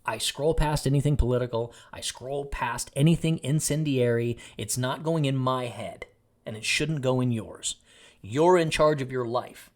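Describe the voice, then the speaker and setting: A man's voice: mid-range voice, normal speed. A middle-aged man from Texas, a podcast host giving a blunt, jokey motivational monologue.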